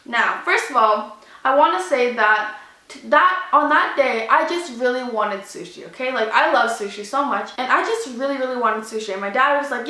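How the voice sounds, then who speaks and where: A young Canadian woman vlogger telling a story loudly and animatedly, acting out each moment with lots of "like"s. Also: a little high, moderate pace, echoey room, low-quality recording. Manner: loud, animated, dramatic retelling with many "like"s. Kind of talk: casual storytime.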